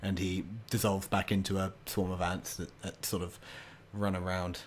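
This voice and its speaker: A man narrating a tabletop game as game master, halting and full of restarts. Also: sits low, level tone, a little hiss or hum. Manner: halting, many fillers and restarts.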